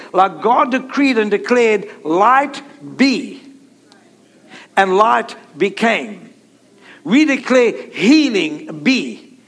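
High-voiced emphatic male preacher. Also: fairly bright tone. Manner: emphatic, repetitive preaching with call-and-response. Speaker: pastor. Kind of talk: sermon.

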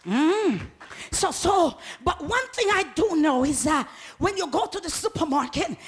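Woman preacher, high and bright, fervent, builds to shouts. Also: very animated, normal speed. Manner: fervent, rising to shouts, laughs often; call-and-response with the congregation. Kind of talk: sermon.

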